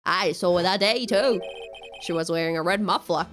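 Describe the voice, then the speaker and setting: A woman's voice: fairly low pitch, moderate pace, music in the background, voice pushed down, lightly acted. A woman voicing a laid-back male cowboy detective with a put-on Western drawl, reading game dialogue aloud. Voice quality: drawling, folksy.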